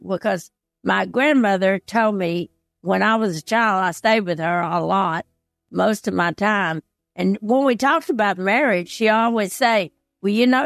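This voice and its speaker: A woman's voice: mid-range voice, fairly bright tone, no room sound, clean studio sound. An older woman as an interview guest, telling a personal story in an earnest, heartfelt way. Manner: earnest, heartfelt, retells past conversations.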